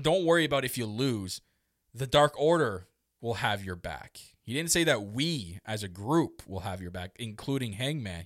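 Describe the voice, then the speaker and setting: A man co-hosting a casual podcast chat, excitable and rambling, with quick laughs and restarts. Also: medium pitch, no echo, clean studio sound. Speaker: podcast co-host. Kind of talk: casual wrestling recap chat.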